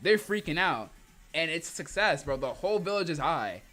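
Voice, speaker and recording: A man's voice: on the high side, very animated, normal speed, sharp tone, faint music behind. Joking, slang-heavy streamer man. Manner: slangy, joking, laughs often. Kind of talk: comedic comic reading livestream.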